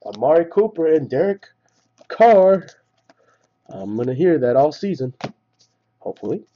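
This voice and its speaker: Excitable man calling out pulled cards. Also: on the high side, a little slow, highs cut off. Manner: rattles off names, excited at big hits. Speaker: card break host. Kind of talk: live card-opening commentary.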